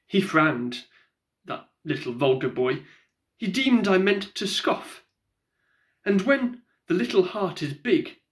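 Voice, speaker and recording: A man's voice: high voice, very animated, unhurried, fairly bright tone. A man reciting comic verse with theatrical, mock-solemn storytelling. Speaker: poetry reader.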